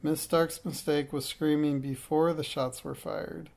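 A man reading a children's detective story aloud, steady and plain, now and then stumbling and correcting himself. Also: fairly high pitch, a little slow, gravelly. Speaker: reader.

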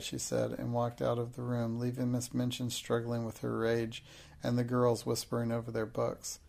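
A man narrates a classic novel as an audiobook in a steady, measured way. His voice is gravelly with fry and keeps a fairly flat pitch. The reading is unhurried and even.

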